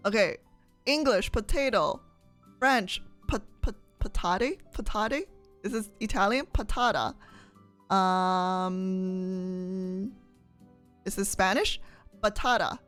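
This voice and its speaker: A woman's voice: medium pitch, slow, pauses often, a bit bright, faint music behind. A young woman streamer chatting casually with her viewers, reading their comments, laughing often and asking them questions.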